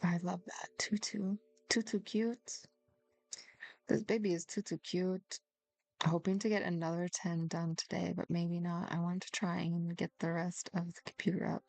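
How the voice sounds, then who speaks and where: A woman's voice: on the low side, flat delivery, normal speed, vocal fry, darkish tone, no room sound. A young woman streamer chatting casually and giggly with her viewers, reading and answering their comments. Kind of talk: casual chat.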